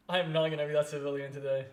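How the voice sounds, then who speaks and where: A man chatting casually on a stream, telling animated stories and laughing often. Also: fairly high pitch, a little fast.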